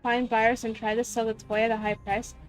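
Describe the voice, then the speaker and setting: A woman's voice: fairly high pitch, little pitch movement, fairly quick, soft background music, low-quality recording. A woman streaming a game and chatting in a laid-back, hesitant way with frequent giggles. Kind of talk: casual gameplay chat.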